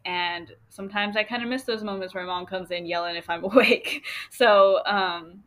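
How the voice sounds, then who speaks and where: A woman's voice: medium pitch, sharp tone. A young woman hosting a solo podcast, talking in a chatty, rambling way with lots of fillers and light laughter. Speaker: podcast host. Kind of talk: casual solo podcast talk.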